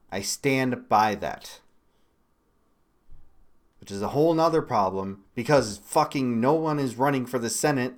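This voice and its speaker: A man from Michigan hosting a political commentary livestream. He talks bluntly and swears often, with sudden loud bursts between quieter asides. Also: medium pitch. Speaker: livestream host.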